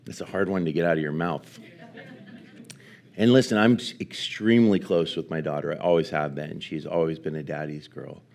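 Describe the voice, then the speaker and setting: A man in his forties, a pastor preaching a sermon, telling a personal story with frequent laughs and fillers, then teaching in a quieter, slower way. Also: extremely low pitch, gravelly. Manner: animated storyteller, laughs often, many fillers.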